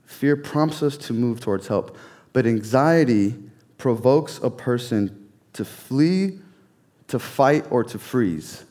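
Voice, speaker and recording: A man preaching a sermon in an earnest, measured way, repeating key phrases and sometimes dropping to a near whisper. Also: mid-range voice, animated, darkish tone. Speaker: pastor.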